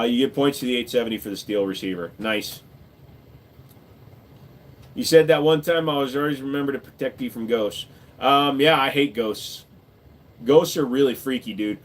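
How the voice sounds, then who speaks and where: A man hosting a livestream, reading chat and answering in a laid-back, joking way, swearing casually and saying "dude" a lot. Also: mid-range voice.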